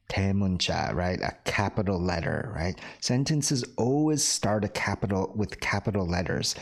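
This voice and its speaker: In a recorded online English class, a man with a lowish voice and vocal fry teaches patiently and repetitively. He often checks in by asking "right?" and slips Korean words in for his students.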